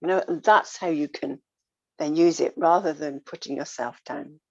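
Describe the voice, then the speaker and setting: A woman talking earnestly in a casual reflective way, coaching gently and repeating her phrases. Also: deep voice, moderate pace, no echo. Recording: dull lo-fi dry sound.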